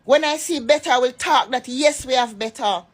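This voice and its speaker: A woman from Jamaica speaks with a high-pitched voice. Her Jamaican accent keeps sliding into raw patois as she rants. She sounds impassioned and emphatic, scolding the people who criticize her. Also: moderate pace. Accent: Jamaican, shifting into patois. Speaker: vlogger. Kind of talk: political rant to followers.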